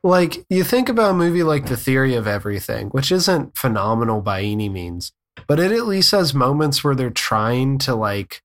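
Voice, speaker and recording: A man's voice: mid-range voice, very animated, moderate pace. A man co-hosting a film podcast, dry and sarcastic, mocking the movie. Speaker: podcast co-host. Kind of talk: casual chat.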